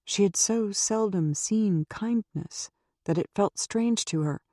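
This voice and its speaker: Mellow-voiced woman narrating an audiobook. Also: medium pitch, no room sound, studio quality. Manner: steady, measured reading.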